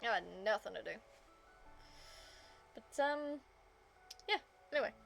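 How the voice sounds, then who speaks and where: A woman's voice: on the high side, lively intonation, a little slow, creaky, soft background music. A woman game streamer chatting casually to her viewers, rambling with lots of fillers.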